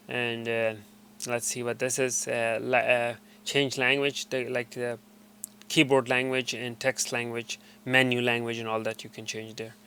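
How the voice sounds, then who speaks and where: A man explains a gadget's menus one by one in an easy, unscripted way, stumbling over words and filling gaps with "uh." His voice has a gravelly rasp. Its tone is bright and forward. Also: mid-range voice. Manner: loose, hesitant, full of uh and restarts. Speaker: tutorial presenter. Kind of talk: casual screen walkthrough.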